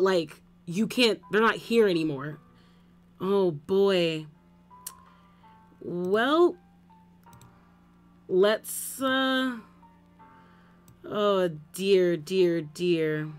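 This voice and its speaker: A woman streaming a game, reacting with excitable, exclamatory commentary. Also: mid-range voice. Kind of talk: let's play commentary.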